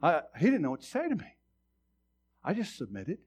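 A man in his fifties preaching a sermon, telling a personal story in a conversational way, often restarting words and swinging from loud preaching to quiet asides. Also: on the high side, wildly swooping pitch, normal speed, slightly rough. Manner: stammering restarts. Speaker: pastor.

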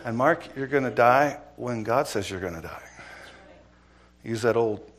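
Middle-aged male preacher, former cop, dramatic storyteller with loud-to-hushed delivery. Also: mid-range voice. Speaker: preacher, former police officer. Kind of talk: sermon with personal story.

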